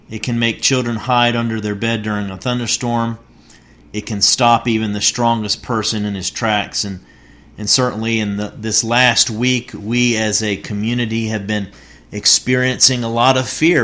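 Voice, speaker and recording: Soft-spoken pastor, measured pace. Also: male voice, on the low side. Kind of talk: sermon. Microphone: online worship recording.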